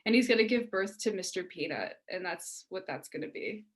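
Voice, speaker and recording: A woman's voice: lowish voice, fairly quick. A young woman from Pittsburgh co-hosting a casual podcast, telling stories with acted-out quotes. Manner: animated storytelling with acted-out quotes and laughs. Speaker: podcast co-host. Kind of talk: casual chat.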